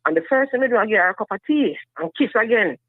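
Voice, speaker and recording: A woman with a Jamaican accent calling in, telling a story in lively patois. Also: mid-range voice, quick pace, dry recording. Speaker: caller. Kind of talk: casual chat. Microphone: phone. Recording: tinny dry phone line.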